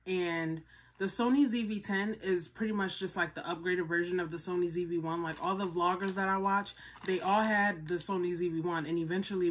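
A young woman from Philadelphia excitedly unboxing on her vlog, repeating herself and stumbling over her words. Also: on the low side. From Philadelphia, USA. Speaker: vlogger.

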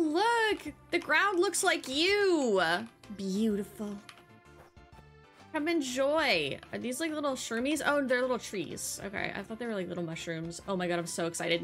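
A young woman hosting a casual let's-play, chatting excitedly and gushing as she plays. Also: medium pitch. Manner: bubbly, excitable, gasps and gushes often. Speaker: gaming channel host. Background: faint game music.

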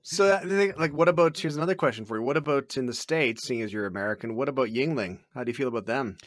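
A man's voice: mid-range voice, quick pace, fairly bright tone, dry recording, clean studio sound. A man, a podcast guest, telling wry, self-mocking stories in casual chat. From Canada.

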